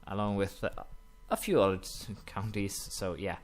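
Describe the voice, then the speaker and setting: A young man commenting casually while playing a strategy game, rambling with many fillers and quick apologetic asides. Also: low-pitched. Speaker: gaming commentator. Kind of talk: casual let's-play commentary.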